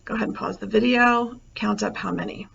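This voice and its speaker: Gravelly-voiced woman teaching a recorded lecture. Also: mid-range voice, fairly quick. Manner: relaxed, many fillers, thinks aloud. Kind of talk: recorded lecture over slides. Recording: slightly dull, faint noise.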